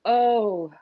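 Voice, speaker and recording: A woman's voice: a little high, no echo, lo-fi sound. A young woman co-hosting a podcast, laughing readily and speaking directly to the listeners. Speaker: podcast co-host. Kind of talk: casual chat.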